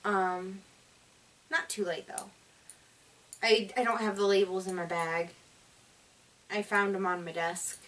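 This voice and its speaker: A woman hosts a casual knitting vlog, chatty and enthusiastic yet tired and yawning, rambling with plenty of fillers. Her medium-pitched voice is steady and a bit bright, and she speaks slowly with long pauses. The recording is distant.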